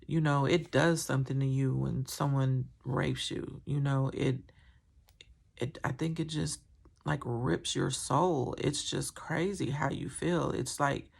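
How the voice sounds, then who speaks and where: Woman, personal vlog, gravelly vocal fry, candid, rambling, emotional. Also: extremely low pitch, steady tone, measured pace. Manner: candid, rambling, many fillers. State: emotional, recounting trauma.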